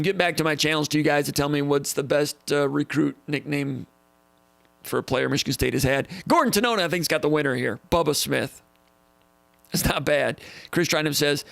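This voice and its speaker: A man hosts a live question-and-answer stream, spinning stories in a casual, animated way and hammering home his points by repeating them. His voice sits a little high and has a gravelly edge. The sound is close and dry, with no room echo. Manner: animated, repeats phrases for emphasis. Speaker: host answering viewer questions.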